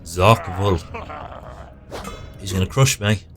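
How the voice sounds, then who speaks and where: A man's voice: low voice, moderate pace. A man casually talking through his game as he plays, muttering to himself as he goes. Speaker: player narrating his game. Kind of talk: casual gameplay commentary. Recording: music playing clearly behind.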